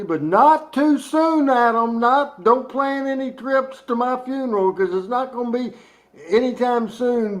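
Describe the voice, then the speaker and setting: A middle-aged man from Arkansas co-hosting a wrestling talk show, joking and excitable as he plugs an upcoming event. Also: high voice. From Jonesboro, Arkansas. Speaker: co-host.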